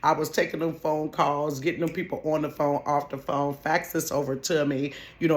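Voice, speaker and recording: A woman's voice: deep voice, normal speed, few pauses. Chatty woman telling a work story. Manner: chatty, animated, keeps calling listeners honey. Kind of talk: casual storytime chat. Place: at home.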